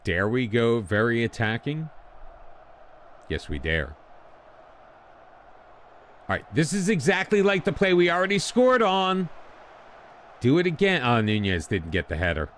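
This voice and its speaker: A man's voice: medium pitch, sing-song, measured pace, long pauses, fairly bright tone, slight background noise. A man commenting casually on his own game as he plays, getting frustrated and talking back to it. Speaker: gaming channel host.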